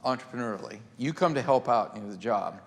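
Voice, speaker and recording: Host, male, middle pitch, curious interviewer, echoing hall. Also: fast, gravelly, a little hiss or hum. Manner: probing questions, frequent short affirmations. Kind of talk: conversational interview.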